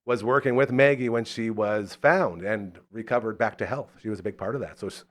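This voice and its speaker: A man hosting a live local talk show, telling stories in a casual, animated way and acting out the voices in them. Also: fairly low pitch, fairly quick. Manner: animated storyteller, acts out the voices in his stories. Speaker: radio show host.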